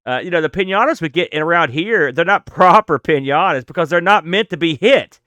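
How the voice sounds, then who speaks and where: A man's voice: on the high side, expressive, fairly quick, bright, forceful tone, dry recording. A man co-hosting a casual podcast, telling rambling, jokey stories. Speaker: podcast co-host. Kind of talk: casual chat.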